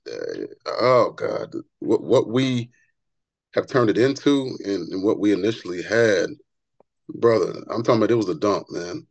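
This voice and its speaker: An earnest man talks as a podcast guest, animated and heartfelt, repeating himself when he gets going. His voice sits a little low. The sound is dry and close. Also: unhurried, gravelly, dry recording, low-quality recording. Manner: repeats words when excited. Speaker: barber and author, podcast guest. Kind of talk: conversational interview storytelling.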